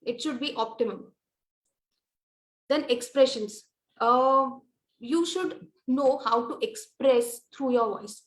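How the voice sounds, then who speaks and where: A woman with an Indian English accent teaches presentation skills, her voice pitched high and steady. She explains step by step, pausing often with small fillers. The room around her rings with a noticeable echo. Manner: measured, explanatory with frequent fillers. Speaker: lecturer.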